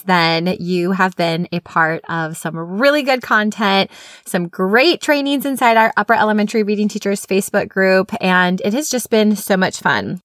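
A woman's voice: medium pitch, a bit bright, dry recording, studio quality. A woman, hosting an upbeat, chatty teaching podcast. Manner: enthusiastic, chatty. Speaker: podcast host, literacy specialist.

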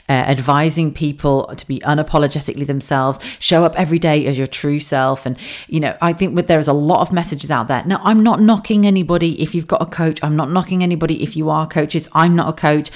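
A woman's voice: sits low, a little mellow. A woman hosting a solo podcast, talking frankly and swearing freely, with laughs, asides and rambling restarts. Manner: rambling, self-correcting delivery. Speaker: podcast host. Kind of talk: candid solo podcast monologue.

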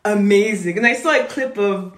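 A woman's voice: medium pitch, moderate pace. Chatty woman, roomy sound. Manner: enthusiastic, trails off and restarts. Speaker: podcast co-host. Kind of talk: casual chat. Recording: roomy echo.

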